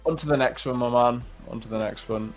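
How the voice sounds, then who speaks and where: A man's voice: medium pitch, steady tone, a little fast, soft background music. Joking British man on a livestream. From Britain. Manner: laughing, joking, banter. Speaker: livestream co-host. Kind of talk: casual chat.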